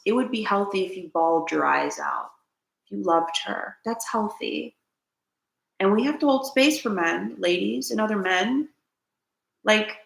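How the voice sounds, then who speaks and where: A woman's voice: mid-range voice, gravelly, fairly bright tone, roomy sound, low-quality recording. A woman hosting a spiritual self-help talk, speaking earnestly and preachily, repeating her key points and asking viewers to comment. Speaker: host.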